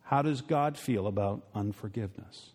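A middle-aged male pastor preaching a sermon to his congregation, rising to emphatic peaks and then dropping low and quiet, acting out voices when he retells a story. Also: moderate pace. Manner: acts out voices in retold stories. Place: church sanctuary. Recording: long hall reverb.

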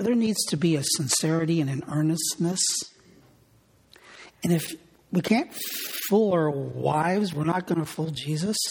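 A middle-aged male pastor gives a sermon with earnest, repetitive storytelling. His voice sits a little high and is gravelly and husky. The sound rings with a long hall reverb. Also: darkish tone.

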